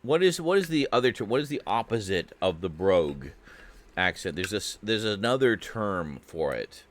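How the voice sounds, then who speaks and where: Deep-voiced Canadian man, rambling. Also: very animated, normal speed. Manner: rambling, profane, self-mocking. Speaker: game streamer. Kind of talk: casual chat while gaming.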